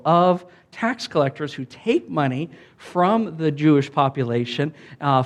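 A man preaching a sermon in a loose, conversational way, often asking the congregation "Amen?" and filling with "like". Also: a little high. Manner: conversational, animated preaching with many "like"s and calls of "Amen?". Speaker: pastor.

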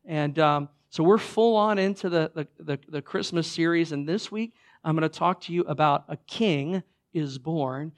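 Hoarse, raspy pastor, voice a bit high. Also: male voice, moderate pace. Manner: chatty and informal with many fillers and restarts. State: hoarse from a cold. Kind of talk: sermon. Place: church sanctuary before a congregation.

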